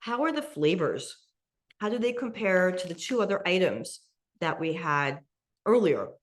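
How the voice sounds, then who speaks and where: A woman teaching a slow, guided mindful eating meditation over a video call, speaking gently with occasional soft laughs. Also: fairly low pitch, very animated. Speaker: meditation instructor.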